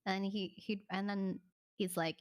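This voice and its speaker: A woman streamer casually telling a personal story, animated, swearing and full of "like" fillers. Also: medium pitch, measured pace.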